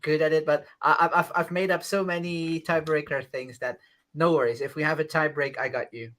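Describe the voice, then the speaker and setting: A Dutch man speaking English in a casual online chat, eager and quick to jump in, often restarting his sentences. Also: a little high, steady tone, fairly bright tone. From Netherlands.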